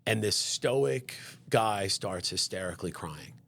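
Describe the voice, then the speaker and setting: A man in a studio, a dental education director guest on a podcast, telling lively stories and acting out the people he quotes. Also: lowish voice, a little slow, creaky. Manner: animated storyteller, acts out quoted voices. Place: company TV studio.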